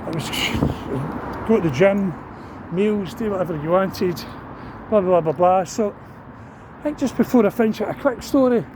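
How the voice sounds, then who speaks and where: A middle-aged Scottish man rambles through a sweary walk-and-talk story, his voice sitting fairly high. He records on a phone as he walks a town street. Loud traffic runs behind him the whole time. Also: animated, normal speed. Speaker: vlogger.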